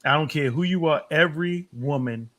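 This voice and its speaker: A man's voice: fairly high pitch, moderate pace, fairly bright tone, no room sound. A man hosting a podcast, talking casually with hesitant fillers and then blunt questions. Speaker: podcast host. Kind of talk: casual chat.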